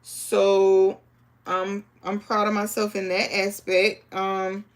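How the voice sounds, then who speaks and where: A woman's voice: medium pitch, completely flat delivery, slow. A woman hosting a live sewing stream, chatting casually with viewers and reading the chat aloud. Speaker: crafting livestream host.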